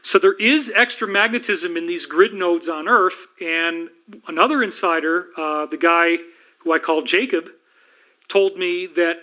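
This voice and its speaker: A middle-aged man hosting a livestream, lecturing rapidly and rambling with frequent restarts. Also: sits high, bright, forceful tone. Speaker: livestream host and researcher. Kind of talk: fast-paced lecture livestream.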